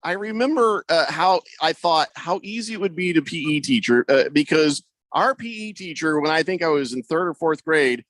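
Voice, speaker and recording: A man in his fifties co-hosting a sports talk radio show, telling stories in a lively way and putting on voices for the people he quotes. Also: a little high, normal speed, few pauses, no echo. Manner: animated storyteller, does voices of people he quotes. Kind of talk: casual sports radio banter. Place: radio studio. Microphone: close studio mic. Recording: dry close studio sound.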